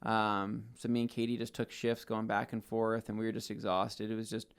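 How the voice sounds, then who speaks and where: On the low side, his voice is clear and resonant, moving at normal speed. He co-hosts a podcast and animatedly narrates a long story in casual conversation, acting out its characters.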